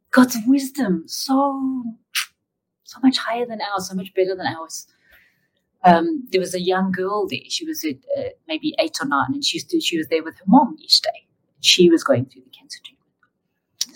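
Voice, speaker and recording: Husky-voiced woman telling her story. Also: mid-range voice, rough recording. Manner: emotional, animated storytelling. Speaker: interview guest. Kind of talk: personal testimony storytelling.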